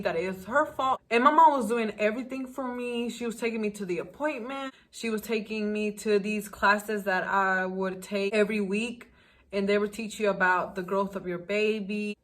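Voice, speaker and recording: A woman's voice: mid-range voice, fairly bright tone. A young woman from the United States telling a personal story in a casual storytime vlog. She is emotional and talks straight to her viewers. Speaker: vlogger.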